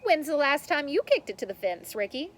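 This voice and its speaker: A woman's voice: high-pitched, very animated, fairly quick, voice pushed up. Woman doing a mocking schoolboy. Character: teasing schoolboy, rival kicker.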